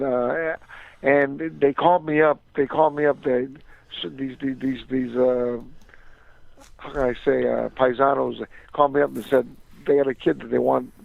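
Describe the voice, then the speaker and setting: A man's voice: fairly high pitch, gravelly, no echo. An older man, a former boxer calling in as a guest, telling a long story in a rambling way, repeating words and acting out the voices of people he quotes. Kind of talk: phone-in storytelling. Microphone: phone call. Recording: dry tinny phone line.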